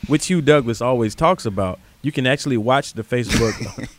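A man chimes in on a sports radio show, his pitch average for a man. He explains things calmly and plainly, like a regular of the program. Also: fairly quick. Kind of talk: casual sports radio chat.

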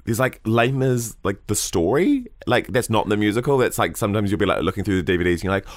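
Man, deep voice, very lively pitch, casual podcast chat, acts out quotes, dry close mic. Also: fast, no echo. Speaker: podcast co-host.

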